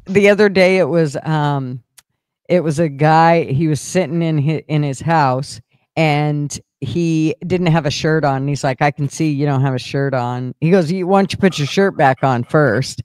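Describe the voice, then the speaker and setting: A man in casual group chat, rambling through his stories with frequent laughs and swearing. His voice sits a little high for a man. The sound is dry and close. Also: moderate pace, a little mellow, smooth, dry recording. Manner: rambling storyteller, swears freely, laughs often. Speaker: host.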